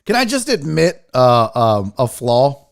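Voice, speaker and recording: A man's voice: mid-range voice, big pitch swings, measured pace, creaky. A man from the American South hosting a casual sports talk livestream, brash and profane, joking and chatting with his viewers. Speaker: sports talk show host.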